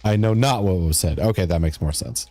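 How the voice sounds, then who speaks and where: A man with a fairly low, mellow voice chats loosely with his live audience as he plays. He rambles and jokes between moments of gameplay. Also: fairly quick, slight background noise. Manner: joking and rambling, reading out and answering chat. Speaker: game streamer. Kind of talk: casual live-stream chat while playing a game.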